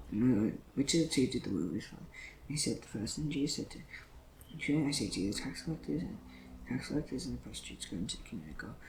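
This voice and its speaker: A man reading scripture aloud in a plain, steady way, with occasional stumbles and self-corrections. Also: mid-range voice, reverberant, a little hiss or hum, poor audio. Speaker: Bible reader.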